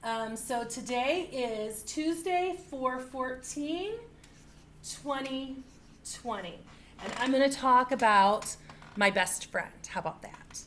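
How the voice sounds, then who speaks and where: A woman's voice: high voice, slow, a bit bright, slight background noise. A woman teaching a first grade writing lesson to young children. She talks patiently and repeats key points.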